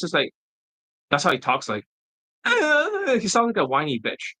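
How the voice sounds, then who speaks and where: A man's voice: high-pitched, wildly swooping pitch, a little slow, bright, forceful tone, no room sound, rough recording. A man who works as a dating coach, giving a profane, combative and mocking monologue in a casual style.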